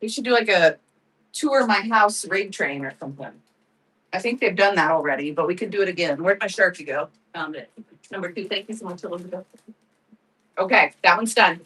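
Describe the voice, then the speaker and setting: A woman's voice: lowish voice, animated, a little fast, fairly bright tone, slightly rough, far from the mic, rough recording. Chatty woman hosting a craft livestream. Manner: chatty, laughs often, thanks viewers by name. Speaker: live-selling crafts host. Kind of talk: casual livestream chat.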